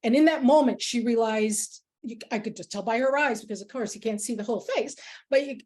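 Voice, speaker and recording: An earnest woman with a fairly high voice leads a workplace workshop. She speaks with emphasis and weaves in stories from her own life. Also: brisk, darkish tone. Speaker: workshop facilitator. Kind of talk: workshop talk with personal anecdotes.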